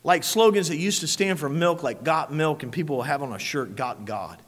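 A man preaching a sermon as pastor, swinging from hushed, quiet passages to loud shouted peaks. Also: on the high side, normal speed. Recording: long hall reverb.

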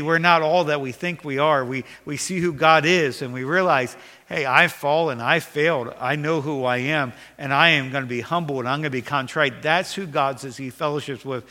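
A man's voice: mid-range voice, pushed and bright, in a large hall. A man preaching a sermon as pastor, earnest and repeating phrases for emphasis, in a church sanctuary.

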